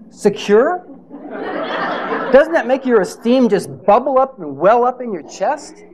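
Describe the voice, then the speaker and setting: A man's voice: sits high, a little mellow, a little hiss or hum. Conversational male preacher. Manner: conversational, rhetorical questions, playful asides. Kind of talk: sermon.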